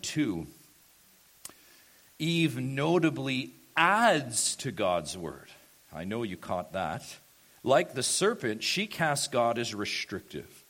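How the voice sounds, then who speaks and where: Animated, emphatic male preacher. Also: mid-range voice. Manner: emphatic, asks the congregation questions. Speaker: pastor. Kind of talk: expository sermon. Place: church.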